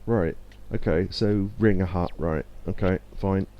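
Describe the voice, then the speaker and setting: Recorded with dull audio, a man speaks in a low voice at a slightly slow pace while streaming a video game. His commentary is casual and self-deprecating, and he reads chat aloud as he goes.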